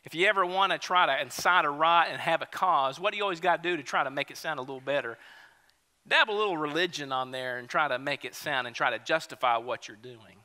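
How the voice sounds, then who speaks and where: A male pastor, preaching a sermon in a relaxed, conversational, storytelling way. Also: on the high side, quick pace, long reverb tail. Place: church sanctuary.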